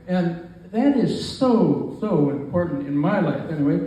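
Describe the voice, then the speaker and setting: A man's voice: on the high side, lively intonation, moderate pace, warm tone, dull audio. A man in his nineties giving a rambling, joking speech at his own birthday party, teasing the guests. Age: 90s. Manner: joking, rambling, self-deprecating. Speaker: birthday speaker. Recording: far-off mic in an echoey room with faint ambient noise.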